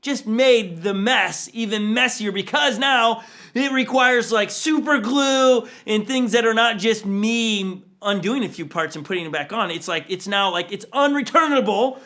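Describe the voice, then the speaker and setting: A man in his forties preaches an online sermon in a loose, conversational way. His voice sits high and sounds bright and forward. He acts out the people in his stories with sudden leaps in pitch. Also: measured pace. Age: 40s. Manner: storytelling, acts out family quotes with big pitch jumps. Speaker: pastor. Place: church livestream.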